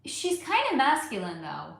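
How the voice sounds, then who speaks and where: A woman's voice: sits high, huge pitch swings, measured pace, gravelly, fairly bright tone, heavy reverb. A woman hosting a casual livestream, chatting and rambling through viewer questions with many fillers. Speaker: livestream host. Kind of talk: casual livestream chat answering viewer comments.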